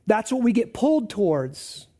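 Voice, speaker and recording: Male pastor mid-sermon, mellow voice, casual and emphatic by turns. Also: big pitch swings, normal speed. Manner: conversational preaching, swinging from raised emphatic lines to low asides.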